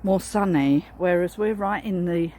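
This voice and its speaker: A woman's voice: fairly low pitch, a little slow, dark tone. A woman chatting casually in a garden vlog while she stands outdoors. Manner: chatty, rambling. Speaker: vlogger.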